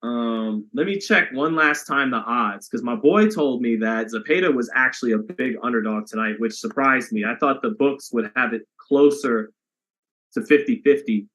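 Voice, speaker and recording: A man's voice: mid-range voice, moderate pace, a bit bright. A man hosting a boxing live stream, chatting casually with viewers and reading their comments aloud, with some swearing.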